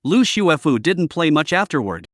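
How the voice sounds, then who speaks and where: A man narrating a comic story recap in a scripted, lively storytelling manner. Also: on the high side, moderate pace, dry recording, studio quality.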